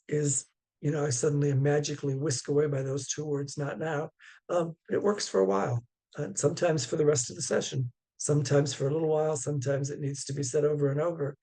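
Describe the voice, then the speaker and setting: A man with a slightly high voice, a Zen teacher, gives a dharma talk over a video call. He speaks gently and without hurry, often halting with fillers.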